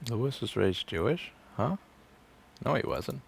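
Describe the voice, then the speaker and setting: A man's voice: mid-range voice, sing-song, a little slow, vocal fry, slight background noise. A man in his thirties, a repair technician, chats casually and sardonically on a livestream, rambling and swearing freely. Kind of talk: casual livestream chat while working. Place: repair shop.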